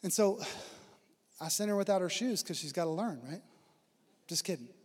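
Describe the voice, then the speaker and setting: A pastor with a strikingly high, breathy-edged voice delivers an animated sermon at normal speed. He's earnest, rising into emphatic preaching before dropping quiet and low, and a long hall reverb trails his words.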